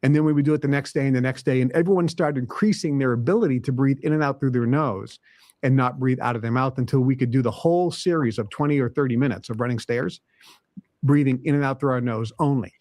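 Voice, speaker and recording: A man's voice: medium pitch, fast talker, a little mellow, no echo, clean studio sound. A man hosting a self-help podcast who gives motivational advice in an emphatic way, listing points and repeating them. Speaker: podcast host.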